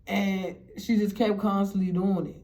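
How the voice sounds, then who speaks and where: A woman recounts a story in a casual, animated way. She swears freely and acts out what others said. Her voice sits at a middle pitch. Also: unhurried, slight background noise. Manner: animated, profane, acts out quotes.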